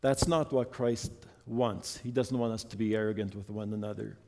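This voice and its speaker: A man's voice: lowish voice, fairly even intonation, normal speed, darkish tone. A man preaching a sermon earnestly and reading a story to his congregation. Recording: long hall reverb.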